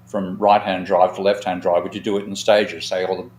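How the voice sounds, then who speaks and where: The show host, an economist, speaks in a low, darkish voice with little pitch movement and a brisk pace. The reverberant audio carries a little hiss or hum as he runs a live discussion, rambling frankly through long anecdotes and cursing at times.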